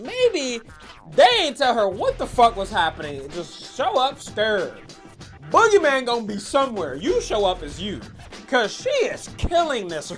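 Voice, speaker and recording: Animated, profane woman recapping wrestling. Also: on the high side. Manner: profane, excitable, slangy. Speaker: wrestling commentary vlogger. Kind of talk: casual storyline recap.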